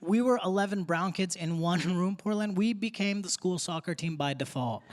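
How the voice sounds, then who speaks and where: A man's voice: sits high, normal speed, big-room sound, noisy background. A young man doing a stand-up set on a theater stage, with a punchy, conversational delivery. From grew up in Texas. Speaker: stand-up comedian. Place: theater stage before a live audience. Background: audience laughter.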